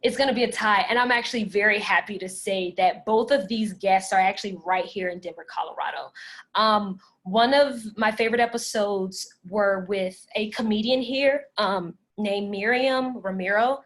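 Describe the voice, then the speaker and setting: Woman podcast host just chatting, gets passionate, says like and um a lot, medium-pitched voice. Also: moderate pace, fairly bright tone. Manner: passionate, talkative, many "like" and "um" fillers. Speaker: podcast host leading a workshop Q&A. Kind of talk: casual conversational Q&A.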